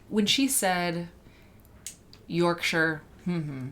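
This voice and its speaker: A woman's voice: sits low, normal speed. A woman hosting a casual livestream, chatting in a rambling, self-interrupting way and greeting viewers by name. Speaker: livestream host.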